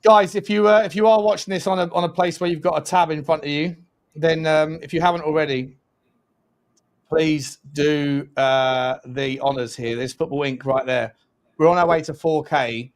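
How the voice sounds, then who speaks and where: A man's voice: a little high, fairly even intonation, moderate pace. A young man co-hosting a live football watch-along, chatting casually and often laughing. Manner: chatty, lots of fillers and restarts, laughs often. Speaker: co-host.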